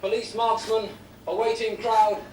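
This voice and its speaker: A TV news reporter. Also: male voice, sits high, little pitch movement, very noisy. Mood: grave. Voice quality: measured, formal. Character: television news reporter at the scene. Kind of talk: news report within drama. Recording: echoey TV news sound from far off.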